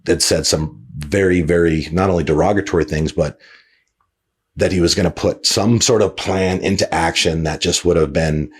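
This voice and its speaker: A man's voice: deep voice, fairly even intonation, moderate pace, slightly rough. A man hosting a podcast, telling a story casually with lots of fillers, restarts and swearing. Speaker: podcast host.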